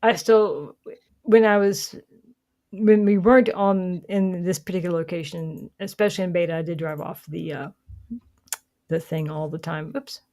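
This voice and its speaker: A woman's voice: on the low side, steady tone, normal speed, darkish tone. A woman hosting a casual gaming chat, rambling and correcting herself as she talks, laughing often. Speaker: streamer host.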